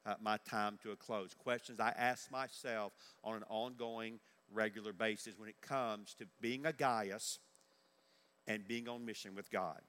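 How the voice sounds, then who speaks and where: A man's voice: lowish voice, fairly even intonation, measured pace, a bit bright. An older man preaching a sermon in earnest, repeating his key questions for emphasis. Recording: echoey large hall.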